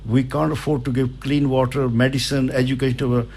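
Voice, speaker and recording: A man's voice: medium pitch, flat delivery, brisk, a little mellow, slight background noise. An older man, a studio guest on a radio show, speaking in an earnest, emphatic, motivational way. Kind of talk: radio interview.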